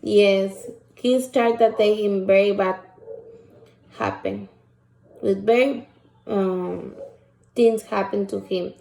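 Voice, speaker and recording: A woman teacher, reading a picture book aloud and asking children questions in a slow, patient way. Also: medium pitch, steady tone, vocal fry, dark tone, roomy sound. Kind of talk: shared reading lesson for children.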